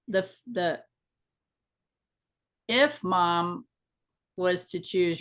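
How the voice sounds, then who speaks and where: Low-voiced woman, reflective co-host. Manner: reflective, meandering storytelling with restarts. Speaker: podcast co-host. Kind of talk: casual chat on grief and emotions.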